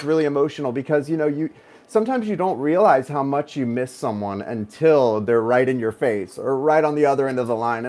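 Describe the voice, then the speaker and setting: His voice is medium-pitched with a darkish tone. In his thirties, this tarot reader rambles casually to his audience, wandering onto personal tangents and speaking to viewers directly throughout his long reading.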